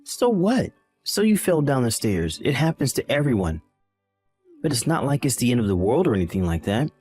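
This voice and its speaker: A man's voice: mid-range voice, very animated, brisk, a little mellow, breathy edge, soft background music. A man playing a dismissive, callous young husband in a voiced text-message drama, irritated and condescending.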